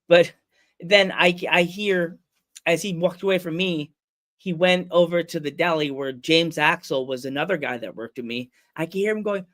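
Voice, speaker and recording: A man's voice: on the high side, normal speed. A man hosting a podcast, telling a story in casual chat, acting out other people's voices and laughing often. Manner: animated storyteller, acts out voices, laughs a lot. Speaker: podcast host.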